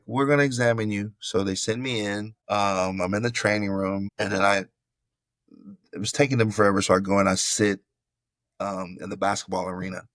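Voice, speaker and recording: A middle-aged man from Florida tells a story over a video call in a low voice. He acts out what people said and keeps calling the host bro. The sound is dry and close. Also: dry recording. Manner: animated storyteller acting out quotes, calls host bro. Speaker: podcast guest, former football player. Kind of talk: casual storytelling interview.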